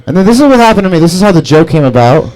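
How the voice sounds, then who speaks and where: Profane young comedian with squealing bits. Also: male voice, very animated, very fast, a little mellow. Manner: profane, rambling, squeals in a high cartoonish voice when acting scared. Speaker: stand-up comedian. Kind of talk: stand-up set at an open mic. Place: comedy club stage before a live audience.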